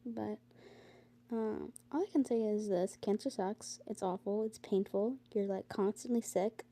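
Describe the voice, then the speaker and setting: Speaking into her phone for a casual vlog, this teen girl rambles wearily, leaning on fillers and occasionally venting her exasperation. Her mid-range voice has a dark tone, a fairly flat melody, and an unhurried delivery.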